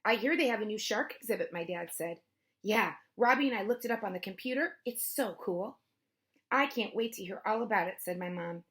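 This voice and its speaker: A woman reading a children's chapter book aloud, lively, with her pitch rising for the kids' lines and dropping for the narration tags. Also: brisk. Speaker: storybook reader. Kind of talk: children's read-aloud with character voices.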